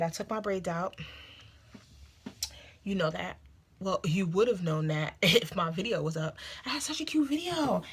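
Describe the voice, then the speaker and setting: A woman's voice: medium pitch, slightly rough. A woman vlogging at home in casual, candid chat, giving blunt opinions and dropping into whispered asides. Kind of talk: casual chatty vlog. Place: at home indoors.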